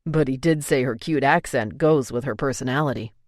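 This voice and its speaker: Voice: medium pitch, a little fast, no room sound, clean studio sound, natural voice. A narrator voicing a blunt young man who manages a restaurant and swears casually, read in an audiobook. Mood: teasing.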